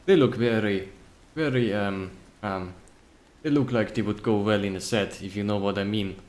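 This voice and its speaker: A man's voice: fairly low pitch, moderate pace, darkish tone, natural voice. A man voicing a scheming male market vendor in a tabletop game, overly polite with a formal put-on accent. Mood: eager.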